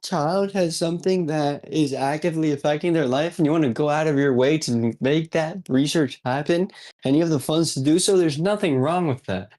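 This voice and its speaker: Laid back guy on stream, mellow voice, says bro a lot. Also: fairly high pitch, moderate pace. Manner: easygoing, laughs along, calls others bro. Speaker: co-host. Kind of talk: casual chat.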